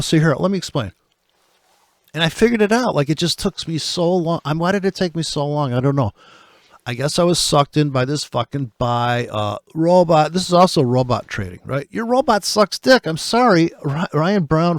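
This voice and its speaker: A man's voice: medium pitch, no room sound, clean studio sound. A man giving profane, rambling commentary on forex trading, ranting and laughing as he breaks off his own sentences. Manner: profane, ranting, laughs often, self-interrupting; swings from muttering to loud outbursts.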